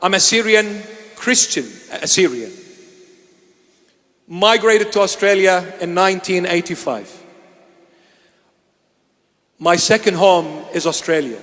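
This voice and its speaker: High-voiced man preaching in a reverberant church. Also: a bit bright. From Iraq. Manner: emphatic, deliberate, with repeated phrases. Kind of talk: impassioned sermon-style address.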